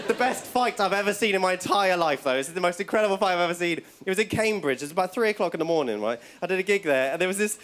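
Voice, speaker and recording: A young man performing a stand-up set in a comedy club, telling stories in an excitable, rambling way and tagging lines with "right?". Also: high-pitched, racing, hardly any pauses. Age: young adult. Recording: loud live crowd and club noise.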